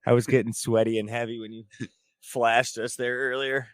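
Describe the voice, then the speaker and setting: A man co-hosting a casual podcast, teasing in a mock-smooth delivery. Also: mid-range voice, little pitch movement, normal speed, dry recording. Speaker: podcast co-host.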